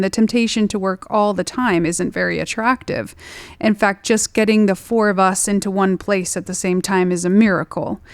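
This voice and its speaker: A woman's voice: mid-range voice, smooth, no echo. A woman co-hosting a casual talk show, reading an article aloud and chatting, laughing easily. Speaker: co-host.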